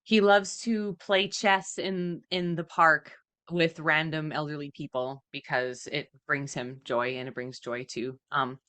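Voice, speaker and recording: A woman's voice: sits low, steady tone, unhurried, a bit bright. A woman co-hosting a podcast in casual chat, rambling and giggling as she guesses her way through a plot. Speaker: podcast co-host.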